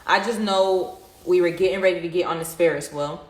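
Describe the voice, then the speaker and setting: A woman's voice: on the low side, fairly quick. A young woman casually telling her viewers an emotional story, rambling with many fillers. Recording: distant, very echoey room, faint noise.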